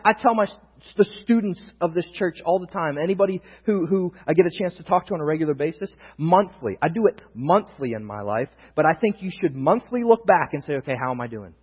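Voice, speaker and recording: An earnest young male preacher with a fairly high, husky voice, rising to loud emphasis and dropping to near-hushed confiding. He is heard in a church hall with a long, lingering reverb, and the recording sounds dull and muffled. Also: animated, fairly quick. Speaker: pastor. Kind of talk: sermon.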